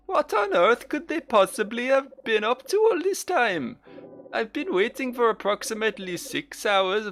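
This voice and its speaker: A man voicing a pompous male deacon figure in a game, with a slow, grandiose mock Caribbean lilt. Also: very high voice, a bit bright, voice pushed up, heavily acted. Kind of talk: game character voice.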